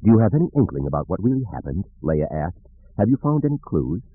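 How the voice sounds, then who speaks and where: A man voicing an anxious, sharp-tongued woman in an audiobook, with urgent, questioning speech. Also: low-pitched, big pitch swings, quick pace, husky, no room sound, full character voice. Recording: narrow phone-like audiobook recording.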